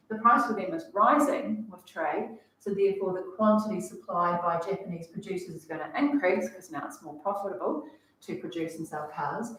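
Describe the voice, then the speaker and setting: A woman explaining economics to a class in a casual, chatty way, full of fillers. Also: fairly low pitch. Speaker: economics teacher. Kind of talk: classroom lecture. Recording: echoey room, voice from far off.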